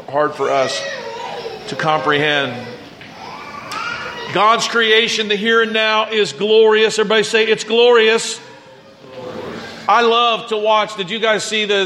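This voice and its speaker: A man in his forties preaches with a high, bright voice, talking to his congregation like a friend and asking them to say phrases back. The sound is roomy, with a faint hum of ambience behind him. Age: 40s. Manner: conversational preaching with call-and-response prompts. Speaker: pastor. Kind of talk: sermon.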